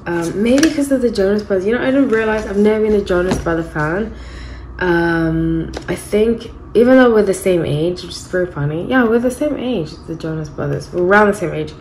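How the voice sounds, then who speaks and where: A woman's voice: medium pitch, fairly quick, darkish tone, slight background noise, rough recording. A woman in her thirties giving a casual, rambling tarot reading and correcting herself as she goes. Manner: chatty, rambling, frequent self-corrections. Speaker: tarot reader.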